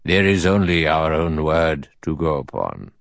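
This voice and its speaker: A man voicing an elderly judge with a thin, sour, acid voice who speaks slowly and precisely. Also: very deep voice, sing-song, gravelly, no room sound, full character voice. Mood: measured. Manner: slow, measured, dry.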